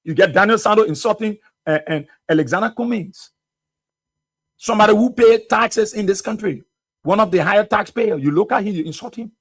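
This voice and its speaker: Fiery high-voiced Liberian radio host. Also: male voice, fairly quick, husky, dry recording. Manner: fiery, rhetorical, repeated questions. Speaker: radio talk show host. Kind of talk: political commentary monologue. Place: radio studio.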